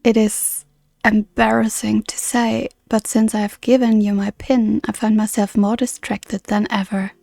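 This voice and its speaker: A woman reading aloud the lines of an earnest, formal woman guardian from a game, in a measured, soft-spoken way. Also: mid-range voice, level tone, gravelly, no room sound, faint music behind.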